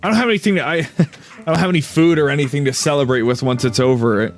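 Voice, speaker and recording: A man's voice: on the high side, fast, faint music behind. A game streamer man reading a game's story aloud with playful, dry delivery and casual asides.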